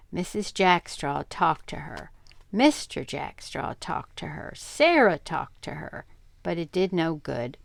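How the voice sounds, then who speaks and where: An older woman reading a children's storybook aloud, expressive and animated, with a lowish voice and lots of lilt. A gravelly edge runs through her voice, and the recording is close and dry. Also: measured pace, dry recording.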